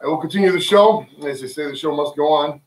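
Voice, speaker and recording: Talking a little high and fast, a man runs a loose, joking home livestream among friends, swearing often and speaking off the cuff. It is casual rambling chat, recorded roomy with the mic far away.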